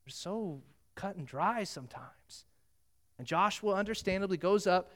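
A middle-aged male pastor delivers a sermon in a notably high voice. He tells the story animatedly and acts out the dialogue between the biblical characters. He moves between casual asides and earnest appeals to the listener. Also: unhurried.

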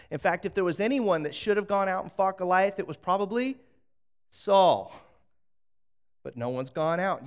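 A man's voice: fairly high pitch, clear, resonant tone. A man preaching a sermon, telling a story with energy, acting out voices and often restarting his sentences. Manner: animated storytelling, acts out voices, frequent restarts. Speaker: pastor.

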